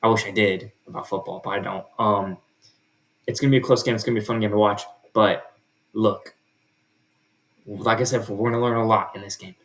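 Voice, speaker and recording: A man's voice: lowish voice, steady tone, brisk, long pauses. A man talking casually through his football predictions, with lots of fillers and restarts. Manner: chatty, with many fillers and restarts. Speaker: sports video host.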